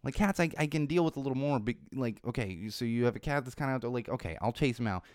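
Fast, fired-up ranting podcast host man. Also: medium pitch, animated, no room sound, clean studio sound. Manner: rambling, indignant ranting. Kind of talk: casual podcast monologue. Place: Los Angeles.

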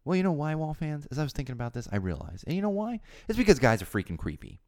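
A man hosting a casual monologue for his followers, emphatic and animated, repeating his points, his voice getting hoarse. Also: a little high, fast talker, no echo, clean studio sound. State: voice going hoarse. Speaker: host of a personal talk show.

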